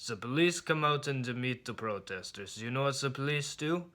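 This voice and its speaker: A man voicing a stern older male dentist who speaks in a low, slow, menacing hush. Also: lively intonation. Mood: grim, hushed.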